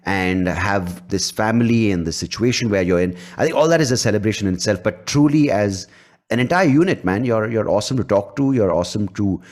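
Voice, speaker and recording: Blunt, low-voiced host. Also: male voice, fairly quick. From India. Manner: blunt, animated, swears freely. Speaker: podcast host. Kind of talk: casual interview chat.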